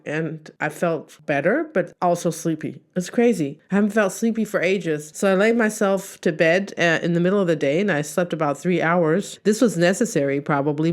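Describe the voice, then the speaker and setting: A woman in her thirties talking candidly about her own experience, retelling conversations in her own words. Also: lowish voice. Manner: candid, reflective, retells with quoted inner speech. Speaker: podcast host. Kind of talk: personal talk about job loss.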